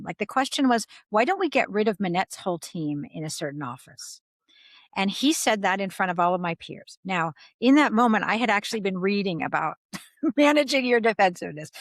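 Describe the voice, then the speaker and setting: A calm, reflective woman talks through workplace advice as a podcast guest. Her voice sits at a middle pitch, and the room sounds dry and close. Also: no echo. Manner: calm, reflective, acts out quoted reactions. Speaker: guest leadership consultant. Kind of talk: podcast interview.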